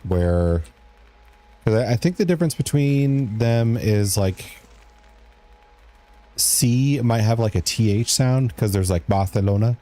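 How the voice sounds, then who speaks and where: A man's voice: on the low side, mellow. A man streaming a video game live, chatting casually and joking in a rambling way as he answers his chat.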